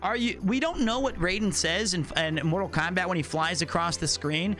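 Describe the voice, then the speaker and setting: A man's voice: high voice, moderate pace, over music. A man livestreaming and chatting casually with viewers, playful and joking, swearing freely.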